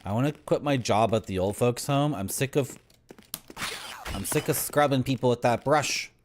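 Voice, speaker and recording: Young guy streaming a game, rambly deadpan tangents, regular mid voice. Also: medium pitch, moderate pace. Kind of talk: live gameplay commentary.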